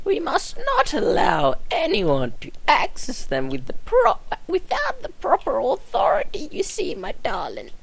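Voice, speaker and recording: A woman voicing a fretful elderly woman who works as a caretaker in an asylum, in a high, drawn-out, fussy voice. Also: wildly swooping pitch, vocal fry, breathy edge, heavily acted, rough recording. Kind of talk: reading game dialogue aloud.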